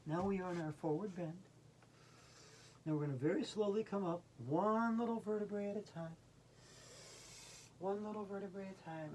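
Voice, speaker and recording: A woman leading a silly children's yoga lesson, playful, with soft and calm breathing cues. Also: low voice, a little hiss or hum. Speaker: kids yoga instructor.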